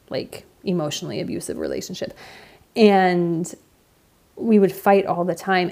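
Woman host in her 30s, low and gravelly, mellow tone, candid casual podcast monologue. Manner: candid and reflective, many fillers.

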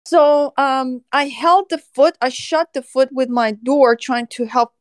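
A woman animal services officer recounts a story in a casual podcast chat, her voice sitting high. She laughs often as she goes, and the sound is close and dry. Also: fairly even intonation, a little slow, no room sound.

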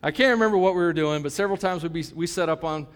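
A man in his fifties preaches from the pulpit, his voice sitting a little high for a man. He talks to the congregation in a loose, joking way and then leans into his points with emphasis. The sound carries a long reverb from a church hall. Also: rapid-fire, clean tone. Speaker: pastor. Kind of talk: sermon.

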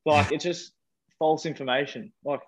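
A man's voice: on the high side, fairly even intonation, normal speed. A young Australian man chatting casually on a podcast, rambling with lots of "like". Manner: rambling, many fillers like "like". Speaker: podcast guest. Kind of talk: casual chat. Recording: dull lo-fi sound.

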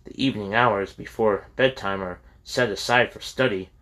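Stern, calm older college head, low-voiced, lecturing firmly, read by a male narrator. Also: normal speed, lightly acted.

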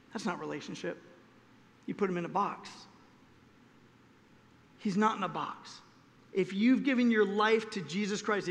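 Male pastor, high-pitched, dramatic sermon delivery with loud-soft swings, long church reverb.

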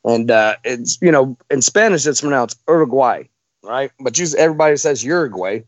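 A man's voice: mid-range voice, lively intonation, a little fast, dry recording, highs cut off. A man with a Texan accent talking casually as a podcast guest, rambling with lots of uh and restarts. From Texas, USA. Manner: rambling, many fillers and restarts.

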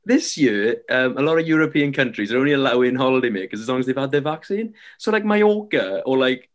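Here the young British podcast co-host speaks at a medium pitch and talks quickly. He keeps the storytelling light and joking, animated like a casual chat at the pub.

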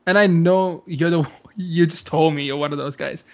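A man's voice: a little high, steady tone, normal speed, highs cut off. A man co-hosting a casual chat, explaining his view at length with lots of fillers. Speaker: podcast co-host.

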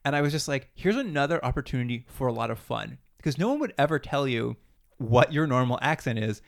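A man's voice: mid-range voice, brisk, creaky. A man co-hosting a podcast, casually recapping a TV show and acting out the characters' lines as he tells it. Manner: animated retelling, acts out quoted lines. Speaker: podcast co-host.

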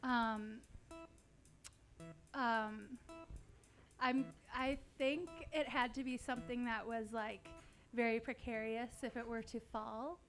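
Slow, hesitant woman contestant. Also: a little high, fairly even intonation, a bit bright, faint music behind. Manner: hesitant, lots of ums. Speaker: quiz contestant. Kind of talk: live quiz answering.

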